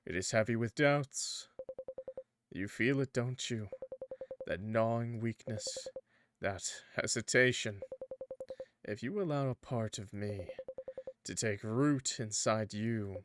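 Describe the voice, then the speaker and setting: A man voicing a sinister male entity who tempts with slow, drawn-out, menacing speech. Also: fairly low pitch, noisy background.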